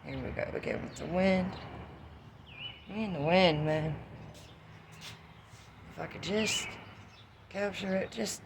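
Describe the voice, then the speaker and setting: A woman's voice: lowish voice, slow, creaky, long pauses. A woman with a Southern US accent rambling through a casual, profanity-laced monologue outdoors in the wind. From Southern United States. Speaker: vlogger.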